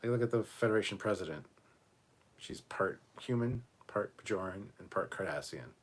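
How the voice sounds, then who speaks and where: A man co-hosting a relaxed livestream chat from a room at home, reading viewer comments aloud and swearing freely. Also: on the low side, moderate pace. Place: home room cluttered with costumes.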